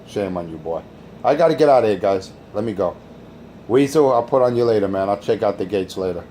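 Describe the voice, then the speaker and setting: A man's voice: fairly low pitch, lively intonation, fairly quick, warm tone, slight background noise. A man hosting a crude, taunting radio rant. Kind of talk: insult-heavy radio rant.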